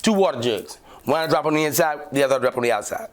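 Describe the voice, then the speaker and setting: Animated storytelling man, wildly lively pitch. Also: fast talker. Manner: acts out shouting cops and himself, swears a lot, lively. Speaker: podcast co-host telling a story. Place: podcast studio.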